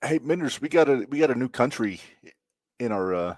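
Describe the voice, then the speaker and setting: A man co-hosting a podcast in casual chat, relaxed and full of fillers. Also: medium pitch, brisk, dry recording. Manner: relaxed, filler-heavy, chatty. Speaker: podcast co-host.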